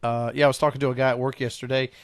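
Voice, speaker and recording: A man hosting a casual talk show, spinning long, rambling stories. His voice sits at an everyday pitch. The sound is dry and close. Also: rapid-fire, dry recording. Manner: rambling, animated storyteller. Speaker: podcast host. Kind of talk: casual chat.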